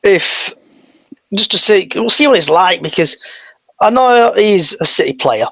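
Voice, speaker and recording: Chatty man, fairly high voice. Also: animated, measured pace, gravelly, fairly bright tone, dry recording, poor audio. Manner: chatty, leading questions. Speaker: podcast co-host. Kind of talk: casual fan chat.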